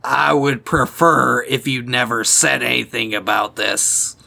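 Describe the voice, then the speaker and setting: Man doing a gruff, gravelly food-thieving guard. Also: medium pitch, unhurried, pushed and bright, exaggerated voice. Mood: defensive. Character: sneaky male guard caught stealing food.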